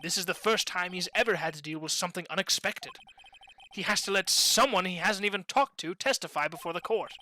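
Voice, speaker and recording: A streamer voicing a calm, smug young male prosecutor in measured tones. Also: mid-range voice, natural voice, poor audio. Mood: scheming.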